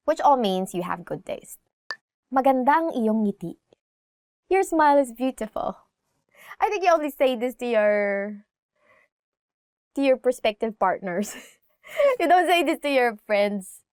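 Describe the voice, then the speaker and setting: Filipino lady teaching words, laughs a lot, kinda high voice, dry no-echo sound. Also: clear, resonant tone. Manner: chatty, laughs often, repeats phrases slowly. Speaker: language teacher host. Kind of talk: casual language lesson.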